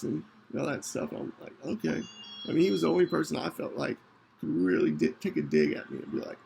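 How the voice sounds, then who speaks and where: A man hosting a podcast, telling a personal story in an earnest, halting way with many restarts. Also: medium pitch, huge pitch swings, vocal fry, a little mellow, slight background noise, rough recording. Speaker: podcast host.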